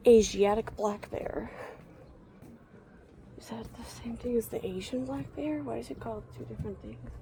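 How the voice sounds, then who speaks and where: A woman's voice: on the high side, a little mellow, a little hiss or hum. Rambling young woman vlogging outdoors. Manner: rambling, wry, muttering asides to herself. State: tired and a bit out of breath from walking. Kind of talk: rambling walk-and-talk vlog. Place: outdoors walking through a zoo.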